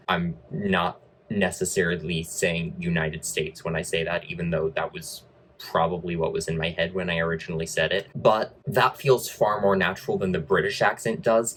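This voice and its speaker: A man's voice: sits low, a bit bright, slightly rough, low-quality recording. A man giving a casual film review with wry, sarcastic asides.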